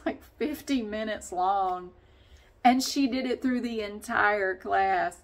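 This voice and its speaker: Woman rambling to her vlog camera, chatty, laughs a lot, mid pitch. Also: normal speed. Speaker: vlogger. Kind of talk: casual vlog chat.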